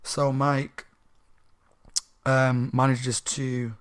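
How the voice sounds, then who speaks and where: A man's voice: medium pitch, level tone, drawn-out words, smooth. A slightly drunk man casually recapping a children's horror book for his channel, rambling and correcting himself as he goes. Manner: rambling, chatty, self-correcting. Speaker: book reviewer, channel host.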